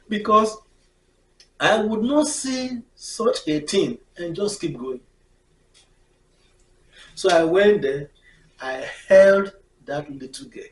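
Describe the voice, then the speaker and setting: A woman telling a personal story in an expressive way, laughing often and acting out the scenes. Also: on the low side. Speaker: storyteller vlogger. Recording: echoey room, mic far off.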